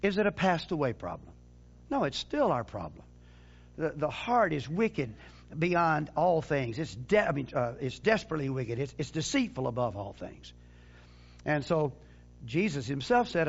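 A man preaching a sermon with emphasis, often repeating words and restarting phrases, and sometimes dropping to a low, quiet delivery. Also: big pitch swings, moderate pace, breathy edge, dull audio.

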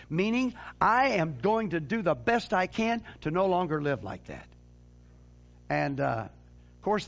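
Male preacher, high and very animated, emphatic delivery with repeats, dull lo-fi recording. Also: creaky. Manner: lively, emphatic, with sudden drops to low quiet phrases; frequent repeated words and restarts. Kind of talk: sermon.

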